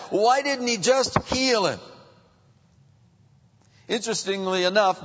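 Male preacher, dynamic sermon delivery, slightly high pitch, dull reverberant recording. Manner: dynamic, swings between hushed and raised. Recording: muffled reverberant hall.

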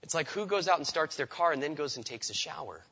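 A man's voice: fairly high pitch, lively intonation, fast, pushed and bright, breathy edge, in a large hall, muffled recording. A man preaching a sermon in a conversational way, often repeating words as he starts a sentence. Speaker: pastor.

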